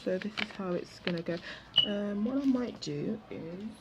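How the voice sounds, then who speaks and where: A woman's voice: medium pitch, moderate pace, heavy background noise. A woman chatting to her viewers while she crafts, with self-mocking asides. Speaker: craft vlogger. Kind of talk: casual chatty crafting vlog. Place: outdoors at a table.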